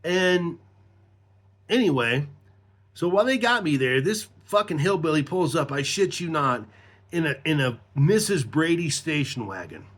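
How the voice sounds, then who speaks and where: A man's voice: fairly high pitch, sing-song, a little slow, fairly bright tone. A middle-aged man telling a rambling, profane personal story in casual talk, laughing as he goes.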